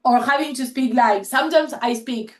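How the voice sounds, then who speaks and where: A woman's voice: high voice, normal speed, rough recording. Talkative woman, Spanish her first tongue. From Spanish-speaking country. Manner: animated storytelling with many restarts. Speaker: panel speaker. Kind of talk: casual panel talk.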